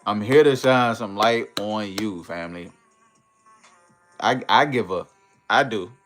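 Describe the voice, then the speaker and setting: A man hosting a casual livestream in a relaxed, easygoing way, reading viewer comments aloud and greeting them. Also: on the low side, a little slow, faint music behind. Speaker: livestream host.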